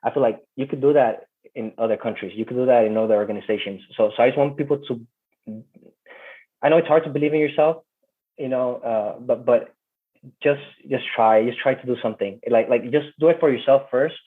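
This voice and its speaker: A man's voice: mid-range voice, brisk. Man rapping over a tinny line. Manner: hesitant, many fillers and restarts when talking. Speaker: interview guest. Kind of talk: rapping a spoken-word verse, then casual talk. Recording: tinny phone-like audio.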